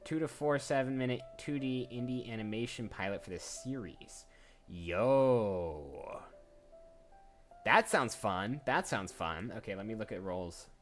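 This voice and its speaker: Brief: casual streamer voice actor, lively rambling chat, quiet music underneath. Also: mid-range voice, a little slow. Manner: chatty, rambling, self-interrupting. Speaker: voice actor streaming job applications.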